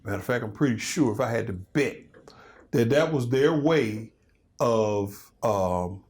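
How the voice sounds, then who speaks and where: Animated storytelling man in his fifties. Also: mid-range voice, unhurried. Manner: animated storytelling, loose and conversational. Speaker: comedian and guest. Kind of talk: casual interview chat.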